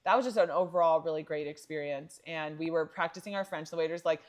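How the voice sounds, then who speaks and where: A woman co-hosting a podcast, telling travel stories in casual chat, animated and laughing often. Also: deep voice, fast talker. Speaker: podcast co-host.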